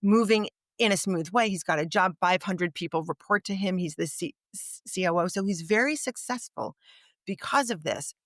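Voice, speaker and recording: A woman with a fairly low, fairly bright voice speaks at a moderate pace, recorded cleanly in a studio with no room sound. She's a guest on a podcast, spinning a vivid anecdote in conversation and acting out what the people in it said.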